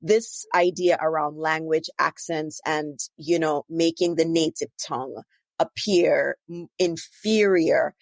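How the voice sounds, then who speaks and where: Lower-voiced Jamaican woman hosting a podcast. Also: slow, vocal fry, no echo. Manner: rambling, self-correcting questions. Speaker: podcast host. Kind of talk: casual interview conversation.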